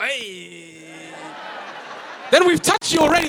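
Man, pastor from Africa, very high voice, forceful tone, lively sermon with playful mimicry. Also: a little fast. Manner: lively, jokey, acts out reactions with sound effects. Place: church auditorium.

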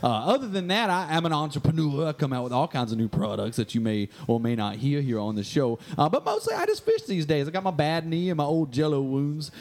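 A man's voice: a little high, wildly swooping pitch, a little fast, few pauses, darkish tone. A man voicing a grizzled Southern fisherman and scheming entrepreneur with a drawling, self-important manner, in a comedy podcast sketch. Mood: rambling.

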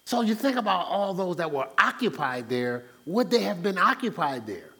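A male pastor preaches an animated, conversational sermon at a moderate pace in a voice that sits high. He stumbles over restarts and acts out the voices of those he quotes.

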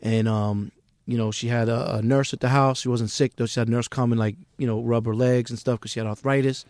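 A middle-aged man with a New York accent talks bluntly, with a profane, street-wise edge. His voice sits at an ordinary pitch for a man. The recording is dry and close, with no room sound. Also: steady tone, a little fast, darkish tone, dry recording. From Queens, New York. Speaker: music manager, guest. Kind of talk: candid podcast interview.

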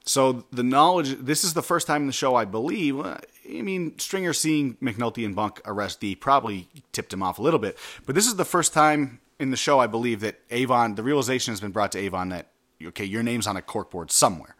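A man's voice: medium pitch, lively intonation, fairly quick, hardly any pauses, a bit bright. A man co-hosting a casual TV recap chat, talking in a loose, profane and analytical way with many fillers.

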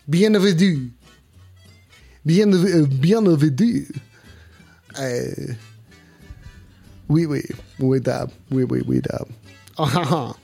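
A man putting on a hammy mock-French accent as a phone-in show host, dropping broken French phrases and speaking slowly and grandly. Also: on the high side, creaky, breathy edge, soft background music, voice pushed down, exaggerated voice. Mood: playful. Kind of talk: live-stream phone-in bit.

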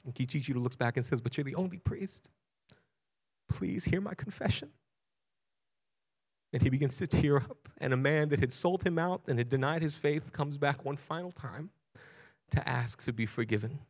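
A man's voice: mid-range voice, fairly quick. Guy preaching a sermon, earnest storytelling, gets more intense, repeats himself for emphasis. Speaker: pastor.

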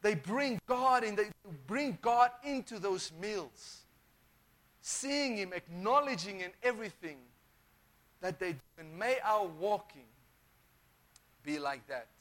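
A man's voice: sits high, expressive, takes it slowly, fairly bright tone. A man preaching a sermon, emphatic, often repeating phrases and restarting sentences.

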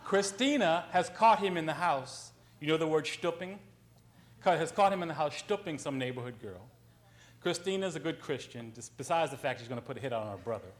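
A man's voice: a little high, expressive, fairly quick. A man on a panel, a writer, telling an anecdote in a conversational way, with frequent ums and self-corrections.

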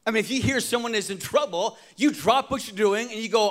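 A male pastor with a high voice delivers a sermon. He moves from loud, emphatic lines to quiet, hushed ones and calls out to the congregation for responses. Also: a little fast. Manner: dramatic preaching, swinging from loud emphasis to hushed tones.

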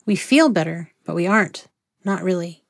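Woman voicing a kind counselor, soft-spoken, patient, soothing, dry close sound. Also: fairly low pitch, expressive, moderate pace, creaky, dry recording. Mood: gentle.

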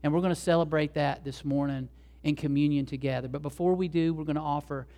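Man, pastor, sermon, storytelling, chatty asides to the church, slightly higher voice. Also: fairly even intonation, quick pace, mellow. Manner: conversational storytelling with asides to the congregation.

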